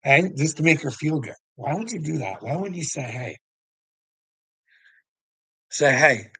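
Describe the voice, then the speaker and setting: A man's voice: on the high side, sing-song, measured pace, a bit bright, husky, no echo. A man ranting at the camera in a taunting, profane way, laughing often between lines. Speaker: vlogger. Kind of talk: mocking rant to the camera.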